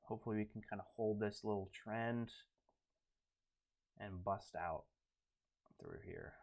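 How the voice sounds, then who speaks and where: A man's voice: fairly low pitch, a little slow, creaky, a little mellow. A man streaming live as a day trader, talking casually and thinking aloud, his voice dropping to mumbled asides as he reads charts and headlines. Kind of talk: live trading commentary.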